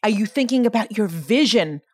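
A woman's voice: mid-range voice, animated, normal speed, no echo, studio quality. A woman hosting a motivational podcast, talking earnestly and emphatically and firing off many rhetorical questions. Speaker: podcast host.

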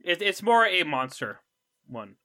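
A man's voice: high-pitched, very animated, unhurried, sharp tone, no room sound. A young man co-hosting a podcast in casual chat, with dry, wry humor. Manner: dry joking, wry asides. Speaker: podcast co-host.

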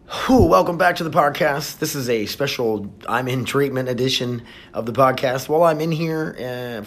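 A man hosting his own podcast in casual solo talk, candid and emotional, rambling with restarts and fillers, recorded on a phone inside a treatment facility. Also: mid-range voice. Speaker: podcast host. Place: residential treatment facility, indoors.

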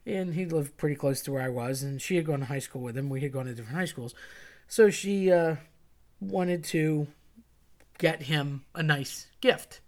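A woman's voice: deep voice, normal speed. Chatty woman telling a funny story. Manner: chatty and animated, quotes others in dialogue, laughs at herself. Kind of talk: casual personal storytelling.

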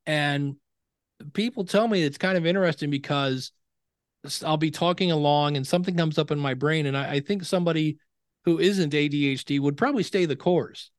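A middle-aged man speaks briskly in a voice on the high side, in a dry, studio-quality recording. He's a podcasting expert appearing in a casual interview, an animated storyteller who acts out quoted dialogue.

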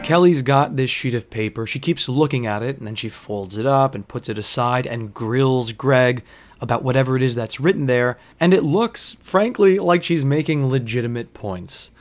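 A man's voice: medium pitch, normal speed. A young man, a bartender, telling a story casually with lots of swearing and sarcasm. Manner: profane, animated, sarcastic.

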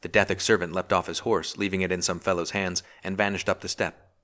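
A man narrating a historical novel as an audiobook in a steady, measured reading. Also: sits low. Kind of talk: scripted narration.

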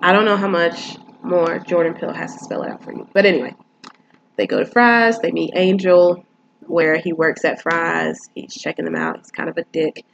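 A woman's voice: lowish voice, animated, normal speed, creaky, highs cut off, slight background noise. A woman casually retelling and reviewing a film, rambling with lots of fillers.

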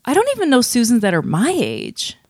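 A woman co-hosting a podcast in casual chat, lively and rambling with playful asides. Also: fairly high pitch, fairly quick, no echo, studio quality. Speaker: podcast co-host.

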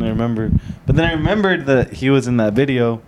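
A man's voice: medium pitch, lively intonation, fairly quick, heavy background noise. Laid-back young man reminiscing. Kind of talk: casual podcast chat among friends.

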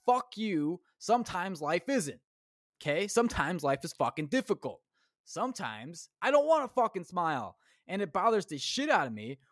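A podcast host with a high-pitched, very animated, fairly bright voice speaks at a moderate pace in a dry, studio-quality recording. Alone on his show, he rants casually, swears constantly, and rambles through tangents, often interrupting himself.

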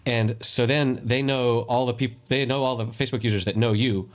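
A man's voice: medium pitch, steady tone, normal speed. A man co-hosting a podcast in casual chat, explaining things at length and often restarting his sentences. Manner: rambling, self-correcting, explains at length. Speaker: podcast co-host.

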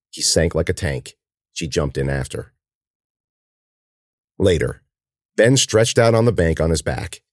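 Deep-voiced man reading a dramatic story. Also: no room sound, studio quality. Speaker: narrator. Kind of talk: audiobook reading of a horror story.

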